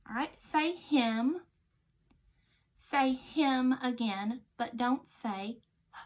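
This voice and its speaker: A woman teaching children a phonics lesson, giving slow, clear, patient instructions and dropping to a quiet voice for the answers. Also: high voice.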